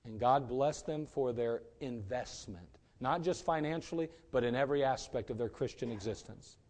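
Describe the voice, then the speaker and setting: A man preaching a sermon as pastor, emphatic and rising to loud peaks. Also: medium pitch, normal speed.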